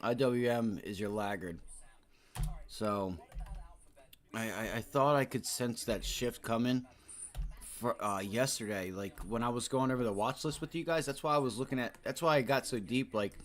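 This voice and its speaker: A man's voice: medium pitch, moderate pace. Loose, slangy man hosting market talk. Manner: loose, slangy, rambling with fillers. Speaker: stock trading livestream host. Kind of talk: casual live market commentary.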